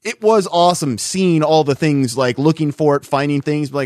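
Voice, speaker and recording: A man's voice: on the high side, animated, normal speed, hardly any pauses, darkish tone, no room sound, studio quality. A man co-hosting a podcast, chatting casually in a blunt, profane, storytelling way. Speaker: podcast co-host. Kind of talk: casual chat.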